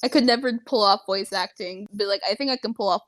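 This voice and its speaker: A woman's voice: mid-range voice, fast talker, dry recording. A young woman co-hosting a podcast, chatting casually and telling stories with plenty of swearing. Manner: animated storyteller, swears freely. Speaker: podcast co-host. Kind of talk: casual chat.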